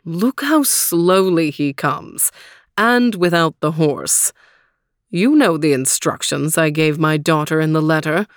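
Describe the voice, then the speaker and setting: A woman's voice: low-pitched, animated, slow, no echo, clean studio sound. A woman doing a smug, gloating old nobleman. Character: smug scheming older nobleman.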